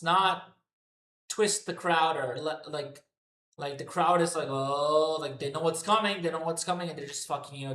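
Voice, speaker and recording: Male streamer, foul-mouthed rant, slightly high voice, roomy echo. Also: a bit bright. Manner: profane, ranting, repetitive. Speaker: wrestling commentary streamer. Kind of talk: unscripted rant to a live chat. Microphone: headphones on.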